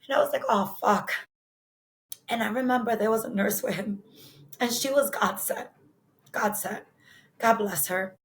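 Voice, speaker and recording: Halting, somber woman telling her story. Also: a little high. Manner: halting, heavy with fillers; somber, emotional retelling. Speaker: podcast guest. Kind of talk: personal storytelling.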